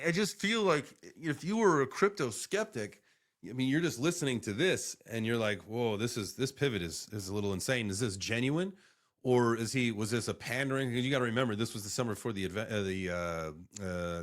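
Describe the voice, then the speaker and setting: Rambling, profane male streamer. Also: medium pitch. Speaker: crypto streamer reacting to clips. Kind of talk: casual live reaction stream.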